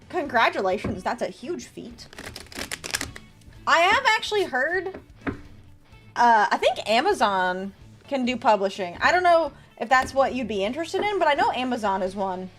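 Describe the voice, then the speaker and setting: A woman with a high, bright-pitched voice leads a casual live stream. Her speech jumps up and down constantly as she teases viewers and offers them tarot readings in a chatty, playful way.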